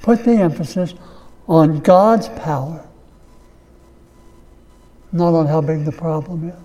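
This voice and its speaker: A pastor delivering a sermon, preaching slowly and emphatically, repeating key phrases. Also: male voice, on the high side, mellow, long reverb tail.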